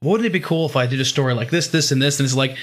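A man's voice: medium pitch, very fast. A man chatting casually on a podcast about a comic, telling scenes with laughter and acting out the characters.

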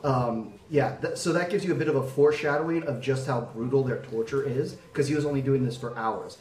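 A young adult man on a podcast panel tells a story earnestly in casual chat, using lots of fillers. His mid-range voice is brisk with a darkish tone, recorded from a distance in a roomy space.

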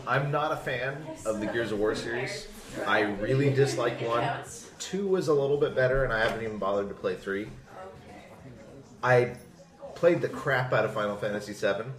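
A man's voice: mid-range voice, animated, moderate pace. A man in casual podcast chat, blunt in his opinions and laughing easily. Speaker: podcast panelist. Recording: echoey room with crowd noise.

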